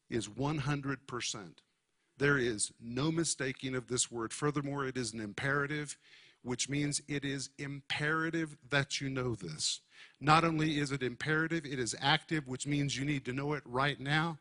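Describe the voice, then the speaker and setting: A man teaching a sermon to a congregation, speaking emphatically and deliberately and stressing key words. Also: medium pitch, sharp tone. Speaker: Bible teacher.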